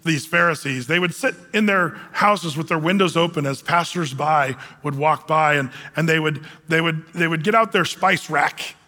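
Male pastor, conversational sermon, bright forceful tone, somewhat high voice, long church reverb. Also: moderate pace, hardly any pauses. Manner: conversational, joking, many fillers. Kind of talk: verse-by-verse sermon.

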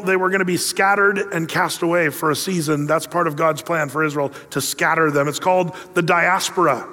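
A man's voice: high voice, a bit bright. A man preaching a sermon, telling a story with playful asides and acting out quoted lines. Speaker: pastor. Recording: long hall reverb.

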